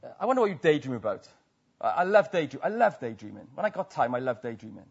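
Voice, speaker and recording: A man's voice: medium pitch, sing-song, quick pace, breathy edge, lo-fi sound. A man from Wales with a Welsh accent preaching a sermon to a church, talking conversationally with many tag questions.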